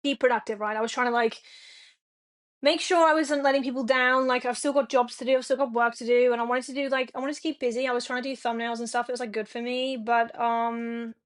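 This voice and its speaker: A woman's voice: fairly high pitch, steady tone, fast. A young woman streaming from home, chatting frankly and swearing a lot as she rambles to her viewers. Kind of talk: casual chat to a live stream audience.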